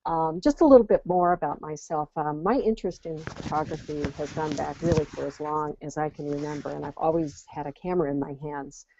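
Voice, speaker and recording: Low hoarse woman with a scratchy voice. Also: a little fast, few pauses, warm tone. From Las Vegas, USA. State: hoarse from a cold. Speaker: guest presenter, photographer. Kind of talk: webinar presentation. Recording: dull lo-fi webinar audio.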